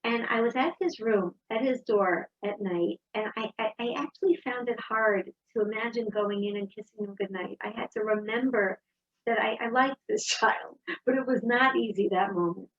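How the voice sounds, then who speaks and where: A woman speaks in an inspirational talk, telling stories in a lively way. Her voice sits a little high and has a slight husk to it. The recording sounds dull and lo-fi. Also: moderate pace. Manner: storytelling, warm and animated.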